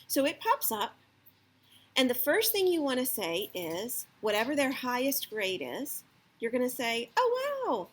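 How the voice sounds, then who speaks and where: Woman chatting parenting tips, kinda high voice, lots of "okay?" and "right?", casual and friendly. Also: very animated, a little slow. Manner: acts out the parent's lines in a lifted voice. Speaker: parenting advice speaker. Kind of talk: casual advice talk to camera.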